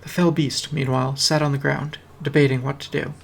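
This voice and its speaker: A man's voice: a little high, little pitch movement, brisk, creaky, slight background noise. A man reading a fantasy fan story aloud on a stream, with a dry, wry delivery. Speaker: reader. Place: home streaming setup. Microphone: streaming mic.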